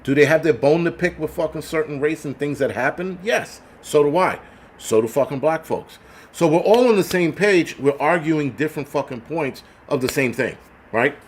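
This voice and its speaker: A man's voice: fairly high pitch, expressive, moderate pace, slight background noise. Blunt, foul-mouthed ranting man. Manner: blunt, heavily profane, repetitive restarts. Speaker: livestream host. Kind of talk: ranting livestream chat, reading donations.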